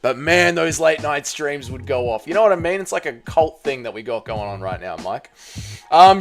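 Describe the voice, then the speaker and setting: A man hosting a casual livestream, reading chat aloud, swearing often and excitedly thanking donors. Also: a little high, moderate pace, gravelly, soft background music. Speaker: livestream host.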